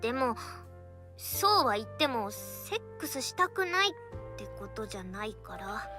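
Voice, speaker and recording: A woman's voice: on the high side, sing-song, quick pace, sharp tone, soft background music. A woman voicing a flustered, scolding young girlfriend in a visual novel game, with a girlish anime delivery. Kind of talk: Japanese visual novel voice acting.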